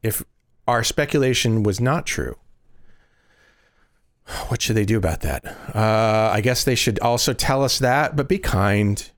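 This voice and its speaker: A man with a lowish voice hosts a relaxed podcast. He hesitates, fills gaps with ums and restarts his sentences. The sound is close and dry, with no room around it. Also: measured pace, dry recording. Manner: hesitant, many fillers and restarts. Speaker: podcast host. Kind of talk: casual podcast chat.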